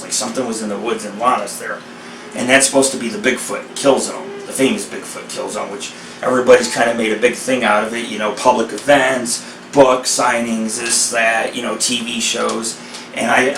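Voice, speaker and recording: A man rambling through casual storytelling, excitable and profane. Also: medium pitch, background noise. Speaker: vlogger. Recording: echoey sound from a distant mic with faint ambience.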